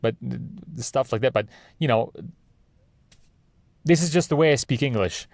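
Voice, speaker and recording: A young man, talks off the cuff as a podcast host in a middle-pitched voice. He rambles and hesitates with lots of ums and uhs, and he swears freely. The sound is dry and close, with no room echo. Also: fairly quick. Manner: meandering, hesitant with many fillers, profane. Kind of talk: casual rambling monologue.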